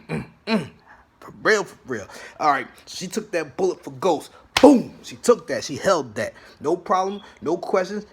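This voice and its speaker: Husky man retelling a TV episode. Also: on the high side. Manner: animated, dramatic retelling with acted-out quotes. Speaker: host of a TV recap channel. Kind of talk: casual TV recap and review.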